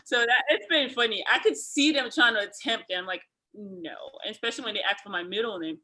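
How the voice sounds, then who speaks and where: A woman's voice: a little high, fast talker. A young Nigerian woman, a college basketball player, chatting on a video call and telling stories with a laugh. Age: young adult. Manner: animated storytelling, laughs often. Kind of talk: casual video-call interview.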